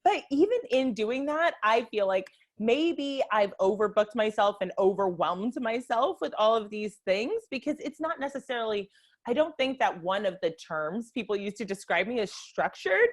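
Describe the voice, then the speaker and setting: A woman co-hosting a casual live podcast, with a Boston accent, talking in an animated way with frequent laughs and lots of "like" fillers. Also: fairly high pitch, normal speed. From United States. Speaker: podcast co-host.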